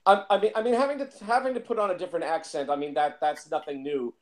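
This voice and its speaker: A man's voice: a little high, fairly even intonation, fast talker. Rambling man reviewing films. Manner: rambling, repeats words, many fillers. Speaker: film reviewer. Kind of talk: casual film discussion.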